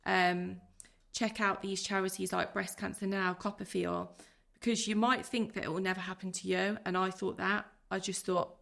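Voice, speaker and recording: A woman in her thirties speaks with a gravelly, creaky edge to her voice. She talks earnestly and from the heart, pouring out her thoughts in rushes as a guest on a podcast. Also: mid-range voice, level tone, fairly bright tone. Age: 30s. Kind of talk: emotional personal interview.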